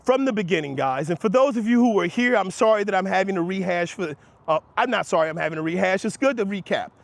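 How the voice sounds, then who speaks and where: High-voiced man arguing with his livestream chat. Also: animated, fast talker, gravelly, no room sound. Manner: emphatic, argumentative, rising in pitch when making points; addresses chatters by name, laughs them off. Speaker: livestream host answering chat. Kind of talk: heated livestream talk to chat. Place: outdoors near passersby.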